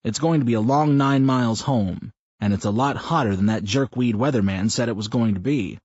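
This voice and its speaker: A man's voice: medium pitch, brisk, darkish tone, breathy edge, dry recording, close to an everyday voice. A man voicing an earnest, affectionate middle-aged husband who speaks hesitantly, in a slightly muffled recording. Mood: casual.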